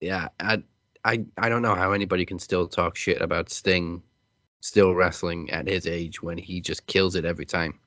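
A man co-hosting a casual wrestling podcast, easygoing and quick to laugh, with some stammered restarts. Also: deep voice, steady tone, a bit bright, no echo. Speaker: podcast co-host.

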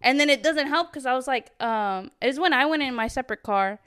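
A woman's voice: high-pitched, brisk, crowd noise. A young woman co-hosting a podcast, telling a story in a casual chat and acting out what people said, with some swearing. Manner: animated storytelling, acts out quotes, swears. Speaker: podcast co-host.

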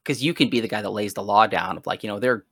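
A man's voice: lowish voice, fast, a bit bright, slightly rough, dry recording, clean studio sound. A young man, a podcast co-host, chatting casually and laughing often as he tells stories. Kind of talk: casual chat.

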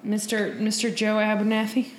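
A woman's voice: mid-range voice, flat delivery, normal speed, roomy sound, a little hiss or hum. A woman co-hosting a casual TV recap, quoting lines with relish and tossing in dry asides. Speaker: podcast co-host. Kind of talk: casual chat recapping a TV episode.

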